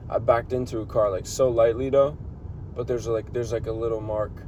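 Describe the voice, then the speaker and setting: A man's voice: mid-range voice, flat delivery, brisk, a little mellow. A young man talking casually to the camera from inside a car, venting in a rambling, profane way. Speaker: vlogger living in his car. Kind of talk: casual vlog monologue. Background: faint car and street noise.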